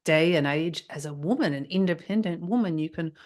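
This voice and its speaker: A woman voicing an enslaved woman from a vision. She speaks softly and haltingly, gentle and hopeful despite her suffering. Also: low-pitched, close to an everyday voice. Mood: hushed sorrowful.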